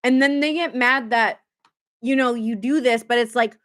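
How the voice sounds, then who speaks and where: A woman's voice: on the high side, moderate pace, fairly bright tone. A woman giving a casual live tarot reading, chatty and often laughing as she acts out what people say. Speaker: tarot reader streaming live.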